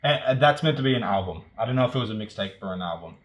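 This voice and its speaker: A man's voice: fairly low pitch, expressive, racing. A man co-hosting a podcast, guessing quiz answers aloud in casual banter and second-guessing himself. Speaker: podcast co-host.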